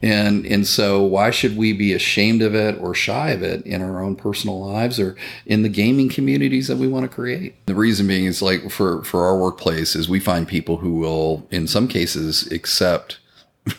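A man's voice: low voice, fairly even intonation, moderate pace, creaky. A man talking in a casual podcast conversation, earnest and reflective, swearing now and then.

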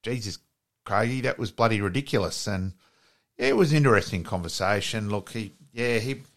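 A man's voice: fairly low pitch, fairly quick, a bit bright. A man, a podcast co-host reminiscing with a guest in casual chat. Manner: reminiscing, agreeable.

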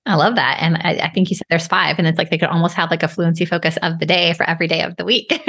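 Woman host, quick talker, lowish voice, enthusiastic, rambling. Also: fairly bright tone, husky. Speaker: podcast host. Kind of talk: casual conversational interview.

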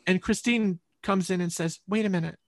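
A middle-aged woman, a podcast guest, telling a personal story in an earnest, halting way with many restarts. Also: fairly low pitch, steady tone, dry recording.

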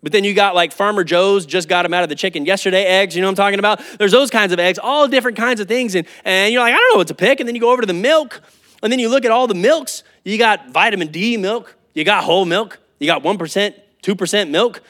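A man preaching a sermon as pastor, telling a lively story with asides. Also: sits high, fast talker.

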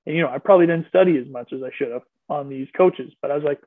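A man guest telling relaxed, rambling stories about his playing days in a casual interview. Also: on the high side, very fast, no echo. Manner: relaxed, rambling anecdotes with fillers. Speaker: guest, former player. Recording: tinny phone-like line.

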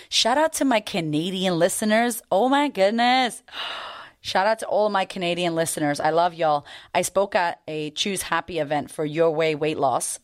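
Low-pitched lady coach rambling on her podcast, hyped and cussing. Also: dry recording, clean studio sound. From United States. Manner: bubbly, profane, slangy. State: recovering from losing her voice. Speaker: confidence coach, podcast host. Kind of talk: casual podcast monologue.

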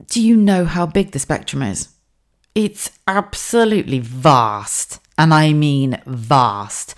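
A woman, hosting a podcast as a chatty, animated monologue with frequent laughs and restarts. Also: sits low. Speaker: podcast host.

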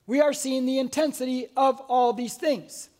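A man in his sixties with a very high voice preaches to his church. He tells stories with a lot of life and acts out the people in them. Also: moderate pace. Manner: animated storytelling, acts out voices. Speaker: pastor. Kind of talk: sermon. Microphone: wearing a mic.

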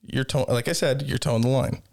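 A man's voice: mid-range voice, steady tone, brisk, vocal fry. A man in casual podcast chat, telling rambling stories full of swearing. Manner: profane, rambling storyteller.

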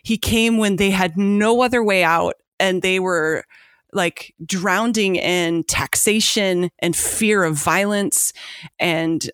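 A woman's voice: fairly low pitch, dry recording, clean studio sound. A woman co-hosting a casual faith chat, earnest and emotional, with many fillers.

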